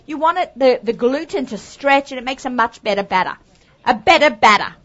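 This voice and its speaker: Hosting a live cooking demo, an Australian woman chats upbeat and full of asides. Her voice sits high and a bit bright, animated and a little fast; the recording is dull and lo-fi.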